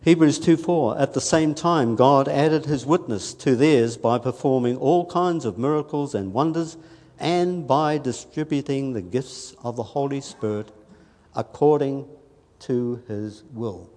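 A man's voice: medium pitch, unhurried. Earnest man preaching in a reverberant hall. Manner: earnest, conversational, with soft asides and emphatic lines. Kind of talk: sermon.

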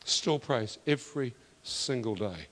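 A man preaching a testimony sermon, emphatic and building to loud declarations. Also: medium pitch, expressive, unhurried. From New Zealand. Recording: long reverb of a hall.

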